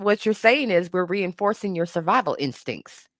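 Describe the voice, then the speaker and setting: A woman co-hosting a podcast, ranting in a profane, animated way and laughing often. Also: lowish voice, normal speed, no echo, clean studio sound. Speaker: podcast co-host. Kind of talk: casual comedic commentary.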